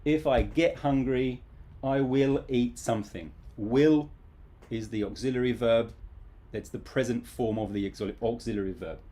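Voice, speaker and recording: A man teaches English grammar to a live online audience. His voice is mellow and warm, his manner loose, playful and chatty. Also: medium pitch, normal speed. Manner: casual, playful, lively.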